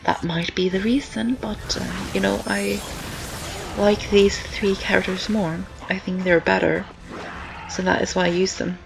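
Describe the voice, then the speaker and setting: A young student rambles through casual let's-play commentary, repeating himself with lots of ums, sounding breathless and sore-throated. His mid-range, gravelly voice stays fairly even and unhurried. He's indoors at home with rain on the windows and game music behind him, on a low-quality recording.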